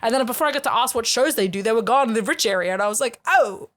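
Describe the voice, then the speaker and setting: A woman's voice: on the high side, lively intonation, very fast, a bit bright. A young woman, a podcast co-host, telling rambling, self-mocking stories in casual chat, with swearing and laughter. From Australia.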